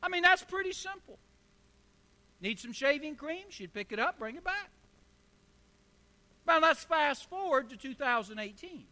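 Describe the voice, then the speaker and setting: A man in his sixties preaching with emphatic, repeated phrases and storytelling. His voice sits very high for a man. It sounds bright and forceful. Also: animated, unhurried, long pauses. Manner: emphatic, repetitive rhetorical delivery. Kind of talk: sermon with storytelling.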